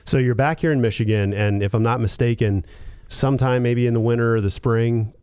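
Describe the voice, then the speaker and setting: A man's voice: medium pitch, brisk, darkish tone, clear, resonant tone, dry recording, studio quality. A man hosting an interview, asking questions and giving short friendly affirmations. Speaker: interview host.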